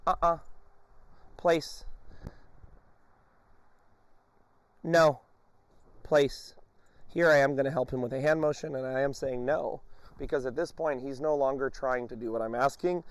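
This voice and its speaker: A man training a dog on a leash, explaining each step calmly and breaking off to praise and give commands to the dog. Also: mid-range voice, no echo. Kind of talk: instructional demonstration.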